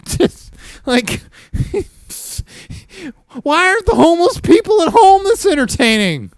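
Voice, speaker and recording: A man's voice: extremely high pitch, sing-song, slow, no room sound, clean studio sound. A middle-aged Canadian man with a Canadian accent, hosting a casual livestream and talking in a rambling, profane way with frequent laughter. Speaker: livestream host.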